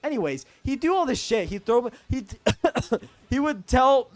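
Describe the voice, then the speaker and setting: A man's voice: very high-pitched, big pitch swings, a little slow, soft background music. A young man telling a story in a casual, profane, rambling rant as a vlogger.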